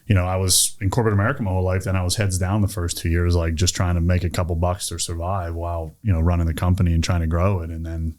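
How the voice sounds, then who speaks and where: Fast-talking deep-voiced male podcast host. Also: level tone, darkish tone. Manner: rapid, loose phrasing with frequent "right?" and "you know" tags. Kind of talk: casual interview chat.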